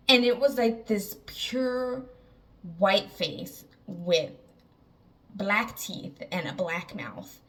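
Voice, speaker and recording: Woman, casual storyteller, filler-heavy, mid-pitched, slightly off-mic. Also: animated, takes it slowly, fairly bright tone, far from the mic. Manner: rambling, filler-heavy, lots of "like". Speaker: artist telling a dream story.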